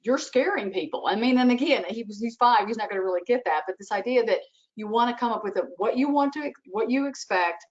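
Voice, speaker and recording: Animated female advisor on a video call; dull, lo-fi sound. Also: fairly high pitch, quick pace. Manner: animated, acts out what she would say to a child. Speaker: webinar expert answering parent questions. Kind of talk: advice in a webinar Q&A.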